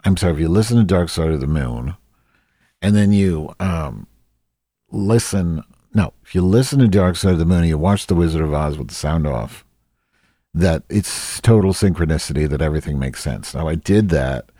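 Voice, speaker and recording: A crude, self-mocking woman, as a man plays her rambles through a solo comedy monologue, losing her thread and filling gaps as she goes. The voice sits very low and dark. It is dry and close, with no room sound. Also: animated, normal speed, no echo. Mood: rambling. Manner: rambling, distracted, loses track with many fillers.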